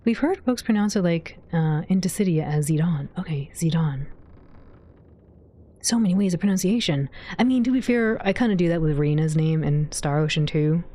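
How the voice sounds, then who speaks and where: A woman's voice: lowish voice, normal speed, dark tone. A woman livestreamer chatting casually with her viewers as she plays, giggling often and reading their messages aloud. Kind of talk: casual game commentary to chat.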